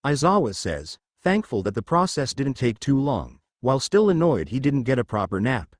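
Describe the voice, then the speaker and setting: Lively male fanfic storyteller. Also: medium pitch, normal speed, few pauses, dry recording, studio quality. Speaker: fanfiction narrator. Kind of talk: scripted storytelling narration.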